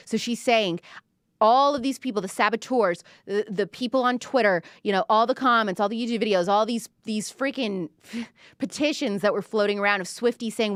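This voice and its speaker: A young woman giving a casual, animated reaction commentary, acting out quoted lines with big jumps in her voice. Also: medium pitch, normal speed, no room sound, studio quality. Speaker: commentator reviewing an album.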